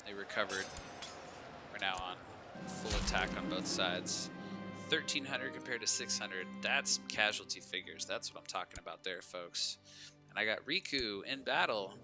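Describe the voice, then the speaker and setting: A man's voice: on the low side, lively intonation, moderate pace, over music. A man giving casual live commentary while playing a strategy game, chatting to viewers and talking back to the characters on screen.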